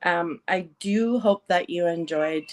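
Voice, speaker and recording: This podcast host takes things slowly, her lowish voice carrying a relaxed, playful chat. She likes to tease and laughs a lot between her lines.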